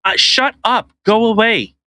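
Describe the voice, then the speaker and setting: Podcast guy from canada going off, swears constantly, sharp bright tone. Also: sits high, measured pace, no echo, poor audio. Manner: animated, swears a lot, mocking put-on voices. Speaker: podcast co-host. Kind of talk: casual profane podcast rant.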